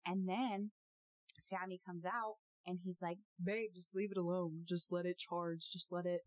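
A young woman hosting a casual podcast, telling a story in an animated, giggly way with lots of fillers. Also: on the low side, measured pace, no echo. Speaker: podcast host.

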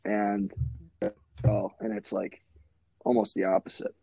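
A man's voice: fairly low pitch, little pitch movement, a little slow, creaky, warm tone, slightly rough, no echo. A young man from Minnesota, a hockey goalie, talking in a laid-back casual way as a podcast guest, full of "like" and "you know". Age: young adult.

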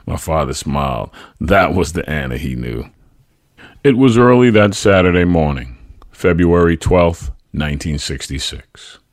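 A man with a very low voice reads a personal memoir aloud, telling it with a lively, rising and falling delivery. The sound is dry and close. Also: a little slow, dry recording. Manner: dramatic storytelling, voices quoted speech loudly. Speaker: podcast host and narrator. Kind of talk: memoir reading.

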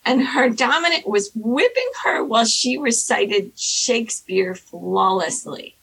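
Woman storyteller, casual chat, bright and husky tone, lively pitch. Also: measured pace, low-quality recording. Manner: animated, acts out quoted people in high squeaky voices. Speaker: storyteller guest. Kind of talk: casual anecdote telling.

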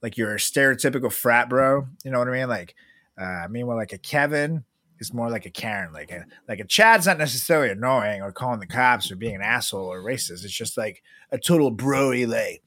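Laid-back rambling man with a lively voice. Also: medium pitch, brisk, dry recording. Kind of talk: casual comedic chat.

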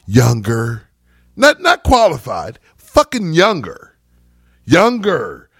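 A man's voice: fairly high pitch, a bit bright, no echo, studio quality. A man on a casual podcast panel, ranting heatedly and emphatically, with frequent cursing.

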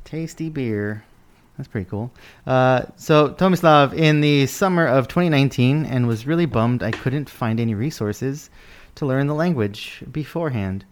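A man's voice: medium pitch, normal speed. Laid-back male podcast co-host. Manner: laid-back, jokey, reads letters aloud. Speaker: podcast co-host reading listener mail. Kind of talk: casual podcast chat.

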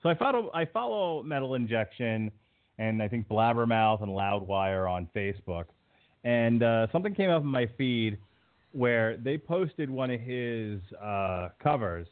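A man's voice: mid-range voice, lively intonation, measured pace. A man hosting a casual podcast chat, joking and laughing often between remarks. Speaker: podcast host. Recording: tinny phone-like audio.

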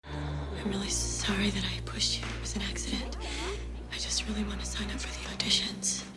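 An awkward, eager teenage misfit girl played by a woman in whispered role-play, breathing out a soft and apologetic hush. Her voice sits at a middling pitch and hardly moves. A film soundtrack hums behind her. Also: little pitch movement, moderate pace, music in the background, natural voice.

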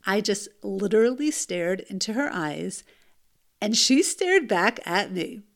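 In an unhurried, mid-range voice, a woman recounts something that happened to her as a mother, telling it with animated emphasis and rhetorical questions directed at whoever's listening.

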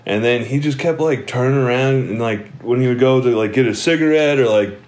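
A man's voice: medium pitch, brisk, darkish tone. A young man telling stories in casual chat, rambling, laughing often and swearing freely. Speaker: podcast co-host.

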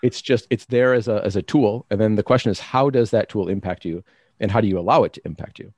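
Being interviewed as a guest, a man explains his ideas in a reflective, searching manner, often restarting his sentences. His voice is lowish and a little mellow, and he talks fast. The recording is studio quality with no room sound.

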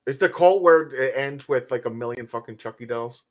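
A man co-hosting a horror podcast in casual chat, animated and swearing freely. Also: medium pitch, a little fast, muffled recording. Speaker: podcast co-host.

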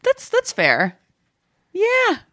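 A woman guest on a comedy podcast, talking in a deadpan, cheerfully morbid way. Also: very high voice, drawn-out words, no room sound, clean studio sound. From Canada. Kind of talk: improvised comedy chat.

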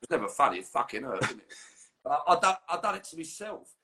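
A man's voice: a little high, sing-song, quick pace, pushed and bright, echoey room, slight background noise. A middle-aged man, a guest musician swearing freely as he rambles through anecdotes in casual podcast chat.

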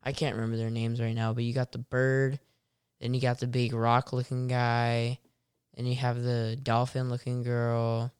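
A man's voice: medium pitch, monotone, moderate pace, a little mellow, clear, resonant tone, no echo, studio quality. A man in casual conversation about video games who hesitates and searches for his words. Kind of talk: casual gaming chat.

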